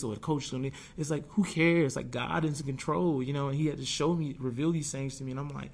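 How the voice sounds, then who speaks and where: A man's voice: medium pitch, little pitch movement, brisk, gravelly. Earnest young man reflecting in an interview. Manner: earnest, reflective, many restarts and fillers; acts out his own past thoughts in quoted asides. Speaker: guest, pro football player. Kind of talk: candid conversational interview.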